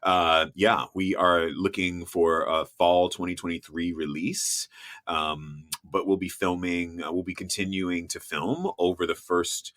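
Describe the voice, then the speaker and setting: A man's voice: sits low, steady tone, unhurried, fairly bright tone, dry recording, clean studio sound. A man chatting as a podcast guest, telling travel stories in a loose, talkative way with frequent restarts. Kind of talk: casual interview chat.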